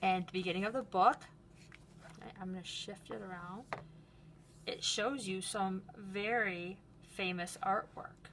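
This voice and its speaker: A woman art teacher reads picture books aloud to young children, gentle and enthusiastic. She takes her time and speaks slowly. A faint hiss of noise sits under her voice. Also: mid-range voice, fairly even intonation. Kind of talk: book read-aloud lesson for children.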